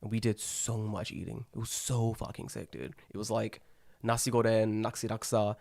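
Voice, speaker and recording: A young man co-hosting a podcast, telling animated stories, swearing freely and acting out what people said. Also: lowish voice, moderate pace, vocal fry. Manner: animated storyteller, swears freely, acts out quotes. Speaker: podcast co-host. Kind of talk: casual chat.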